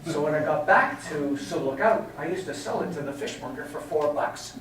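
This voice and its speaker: A man's voice: fairly high pitch, animated, moderate pace, few pauses, crowd noise. An older man from England telling chatty flying anecdotes to a meeting, chuckling at his own stories. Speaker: guest speaker. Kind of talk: storytelling talk. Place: meeting hall. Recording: very echoey hall from far off.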